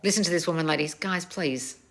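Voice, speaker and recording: Blunt sweary woman, bright voice. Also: lowish voice, fast. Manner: blunt, sweary, teasing, calls people darling. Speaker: manifestation coach hosting a live Q&A. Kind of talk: casual live-stream chat, reading viewer comments.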